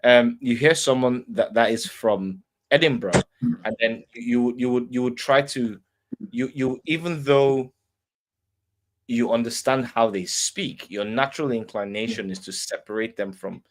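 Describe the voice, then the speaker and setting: A man's voice: medium pitch, measured pace. Man co-hosting a podcast, casual debate talk, stammers and restarts. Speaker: podcast co-host.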